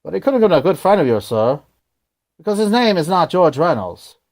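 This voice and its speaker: A man's voice: high voice, big pitch swings, brisk, darkish tone. A man putting on a brash Australian bloke. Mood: joking. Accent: put-on Australian. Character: fast-talking Australian bloke, chatty and brash. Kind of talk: comic impression on radio.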